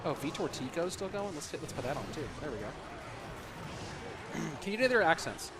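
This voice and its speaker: A young American man casting an esports match live, chatting with viewers in a rambling way with lots of fillers, then breaking into loud, excited play-by-play. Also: on the high side, brisk, noisy background. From United States. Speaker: esports caster. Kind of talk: livestream commentary and chat.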